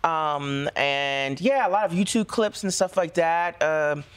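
A woman actor being interviewed as a talk show guest, telling stories in a relaxed, expressive way. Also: sits low, a little slow, clean tone. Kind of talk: interview chat.

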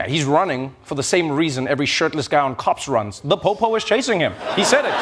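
Comedy host guy, high voice, mocking and animated, noisy studio behind. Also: brisk, hardly any pauses, crowd noise. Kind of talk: comedic monologue.

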